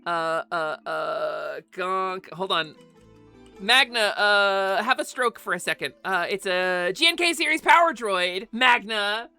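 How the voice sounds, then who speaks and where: A woman streaming live and chatting casually with her viewers, excitable and talkative, swearing freely and breaking into sudden squeaky outbursts. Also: slow, faint music behind. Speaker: VTuber streamer. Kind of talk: casual livestream chat.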